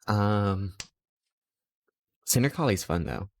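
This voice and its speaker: Male streamer, low voice, casual rambling anecdotes with playful quoted asides. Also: expressive, slow, creaky, slight background noise. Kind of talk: casual chat while streaming.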